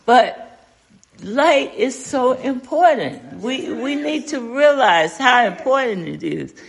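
An older woman leads a relaxed Bible study, speaking slowly with a lively, rising-and-falling voice. She is folksy and conversational and keeps asking her listeners questions. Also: a little high, vocal fry. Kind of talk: informal Bible study teaching.

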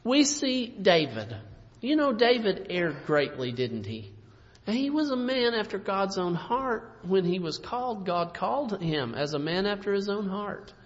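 A man preaches with a high, lively voice that climbs and drops, pressing hard on some phrases and pulling back on others. The recording is muffled and lo-fi, with a long hall echo behind him. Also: a little slow. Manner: emphatic, swooping preacher's delivery with sudden loud and soft turns. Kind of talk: sermon. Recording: dull lo-fi recording in a reverberant hall.

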